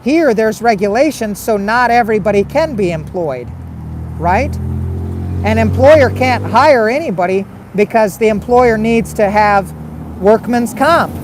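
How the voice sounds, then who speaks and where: A man's voice: sits high, animated, unhurried, noisy background. A man hosting a casual livestream, reading viewer comments and arguing back with repeated rhetorical questions. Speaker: livestream host.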